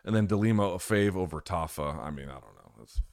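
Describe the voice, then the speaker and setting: A man with a very low, deep voice hosts a live podcast chat, talking through his picks in a loose, rambling way. He stops to correct himself often and swears without a second thought. The sound is close and dry, with no room around it. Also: quick pace, no room sound. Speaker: podcast host.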